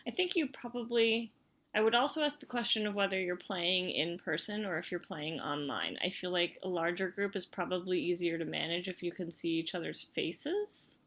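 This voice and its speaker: A woman's voice: lowish voice, normal speed, a bit bright. A woman in casual chat, tentatively sharing opinions with many fillers. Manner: tentative, rambling with many likes. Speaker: podcast guest player.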